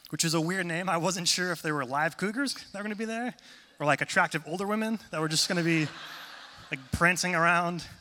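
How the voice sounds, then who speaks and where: A man preaching a sermon in a church hall, conversational and self-deprecating, turning animated when he tells stories. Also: on the high side. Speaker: pastor. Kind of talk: sermon with humorous storytelling. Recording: long reverb of a large hall.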